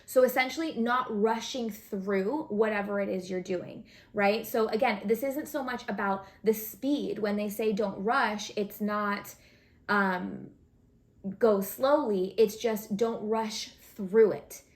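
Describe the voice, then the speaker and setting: A woman's voice: mid-range voice, takes it slowly. A woman giving a casual, chatty tarot reading to her viewers, thinking aloud with fillers as she pulls cards. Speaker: tarot reader.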